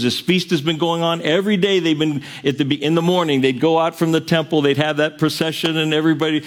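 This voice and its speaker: Earnest preacher man, slightly high voice. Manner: earnest, rising to loud cries on quoted verses. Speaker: pastor. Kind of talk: sermon.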